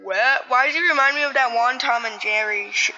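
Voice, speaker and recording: A young woman reacts to a video with profane, mocking commentary, swearing constantly and laughing often. Her voice is on the high side and a little fast, the recording is muffled, and loud music from the video plays in the background.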